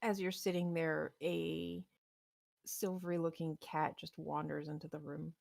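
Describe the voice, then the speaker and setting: A woman's voice: low-pitched, flat delivery, a little slow, creaky, a little mellow, no echo, studio quality. A woman game master narrating a tabletop game in an easygoing, casual way.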